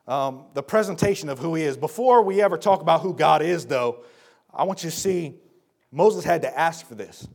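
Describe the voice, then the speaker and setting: A man preaching a sermon in an earnest, folksy way, calling his listeners folks and turning from low explanation to shouted appeals. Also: animated, normal speed, vocal fry.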